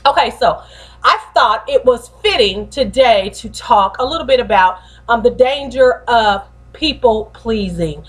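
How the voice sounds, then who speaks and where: A woman hosting a short motivational talk as a pastor, lively, slangy and preacherly in her delivery. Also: fairly high pitch, measured pace. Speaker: host and pastor.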